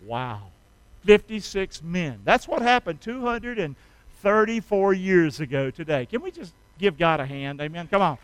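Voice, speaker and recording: A male pastor, his voice high and bright as he preaches. He leads call-and-response with the congregation, sinking soft and then breaking into loud shouts. The sound is clear and dry. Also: expressive, moderate pace, no echo, rough recording. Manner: swings from soft and low to sudden loud shouts. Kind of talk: sermon.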